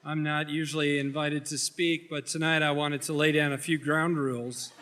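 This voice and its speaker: A man on stage reading out show rules in a mock-formal, halting comedy bit. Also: fairly high pitch, level tone, sharp tone. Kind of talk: stand-up comedy. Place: comedy club stage before a laughing crowd. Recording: live club recording with noisy crowd.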